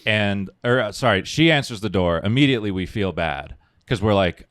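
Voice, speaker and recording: A man's voice: fairly low pitch, a little fast, few pauses, no echo, studio quality. A young man in casual chat, telling a story in a laid-back way and laughing now and then.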